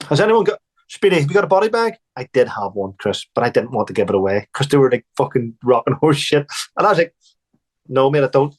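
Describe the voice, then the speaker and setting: A man, an army veteran, recounting war stories bluntly and emphatically, swearing and restarting. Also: a little high.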